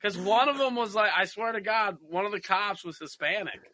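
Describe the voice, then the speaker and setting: A man's voice: high voice, fairly quick, dry recording. A man hosting a comedy podcast, telling stories in casual chat and now and then putting on a mock Minnesota accent. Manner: animated storyteller, slips into mock Minnesota accent. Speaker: podcast host.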